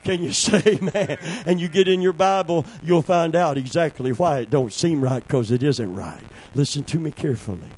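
A man preaching a sermon, calling for amens and swinging between a low hush and a shout. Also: lively intonation, moderate pace, hardly any pauses, husky, low-quality recording.

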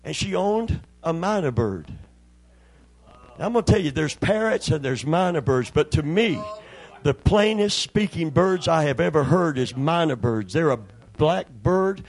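A man's voice: fairly high pitch, darkish tone. An older man preaching a sermon, telling folksy stories and acting out the voices in them. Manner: folksy storyteller, acts out voices in anecdotes. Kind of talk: sermon with storytelling.

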